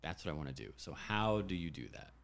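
A man's voice: rumbling low, fast talker, creaky. A man, a commercial director, talking casually and rambling with lots of fillers. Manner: relaxed, rambling, frequent "like". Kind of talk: casual chat.

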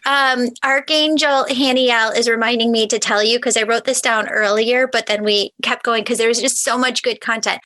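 Woman host and coach; bright, encouraging, enthusiastic. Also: on the high side, steady tone, normal speed, hardly any pauses, rough recording. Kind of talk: casual chat.

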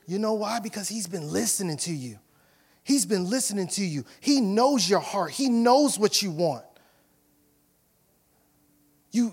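Emphatic high-voiced male pastor preaching. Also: breathy edge. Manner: emphatic preaching, rising to loud questions, dropping to soft asides. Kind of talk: sermon.

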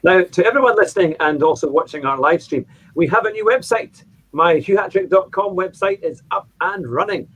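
A man hosting a casual online show, chatty and relaxed, often saying "aye". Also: high voice, fairly quick, husky. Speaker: podcast host. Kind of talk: casual chat. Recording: dull lo-fi sound.

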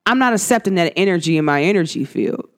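An animated astrology vlogger speaks to camera at a quick pace, her voice fairly low in pitch. She keeps it casual and slangy, talking straight to her viewers.

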